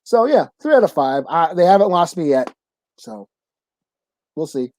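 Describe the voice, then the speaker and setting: A podcast co-host casually reviewing a comic, talking in a halting way with restarts and casual swearing. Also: mid-range voice, sing-song, warm tone, dry recording.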